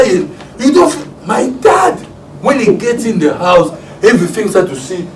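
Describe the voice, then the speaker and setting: A man with a Congolese accent preaching a sermon as a pastor. He tells stories and acts out family scenes with loud shouts and laughter. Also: high-pitched, big pitch swings, a little slow. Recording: echoey room, distant mic, faint background hiss.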